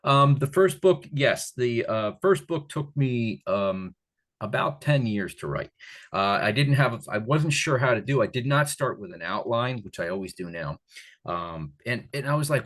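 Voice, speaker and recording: An older man from the Catskills talking as an author guest in a casual interview, rambling and animated, with many restarts. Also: mid-range voice, unhurried. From Catskills, New York.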